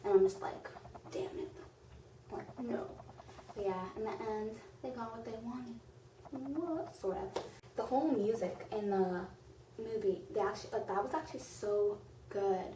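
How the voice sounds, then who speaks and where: Gushing over a film she's reviewing for her casual vlog, this woman rambles and leans heavily on "like." Her voice sits a little high with a dark tone at a moderate pace. A distant, off-mic placement leaves roomy echo and a faint bit of noise.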